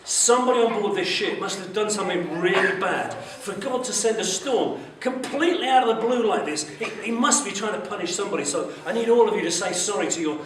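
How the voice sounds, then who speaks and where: A man's voice: sits high, a bit bright. A man voicing a stern, commanding male ship captain who barks out orders in a storytelling for children. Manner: barking orders, alarmed. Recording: echoey hall from far off, faint noise.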